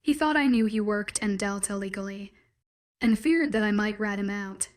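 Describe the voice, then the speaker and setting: A woman narrating a first-person romance story in a steady, even read. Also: mid-range voice, moderate pace.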